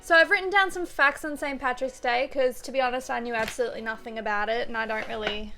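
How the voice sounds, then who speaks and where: A woman's voice: on the high side, steady tone, quick pace, background noise. A tipsy woman co-hosting a podcast, playful and teasing as she runs a drinking game. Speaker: podcast co-host. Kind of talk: casual chat.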